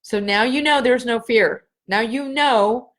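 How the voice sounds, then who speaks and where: Middle aged woman doing a live healing reading, higher pitched, earnest, says things over and over. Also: a bit bright. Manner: slow, earnest, repeats phrases for emphasis. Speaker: spiritual healer hosting a live session.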